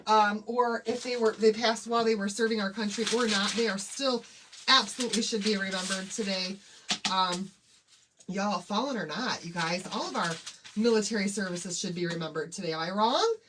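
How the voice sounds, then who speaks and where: A woman's voice: mid-range voice, moderate pace, background noise. A woman hosting a casual craft livestream, bubbly and chatty as she greets viewers one by one.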